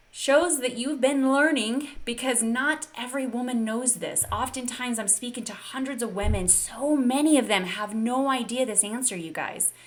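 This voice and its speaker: A woman fitness coach leading a live online session, upbeat and encouraging and talking straight to her viewers. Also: fairly high pitch.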